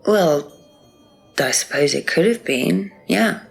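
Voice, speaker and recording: An actress playing a hesitant witness with a husky voice in a game. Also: female voice, fairly low pitch, expressive, slow pace, faint music behind, exaggerated voice. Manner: hesitant, unsure answers.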